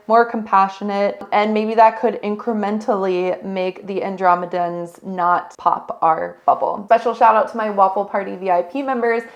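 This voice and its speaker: A woman's voice: mid-range voice, muffled recording. A woman giving a casual, rambling movie review, talking enthusiastically and directly to her viewers. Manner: rambling, restarts, occasional laughs. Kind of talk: casual unstructured chat.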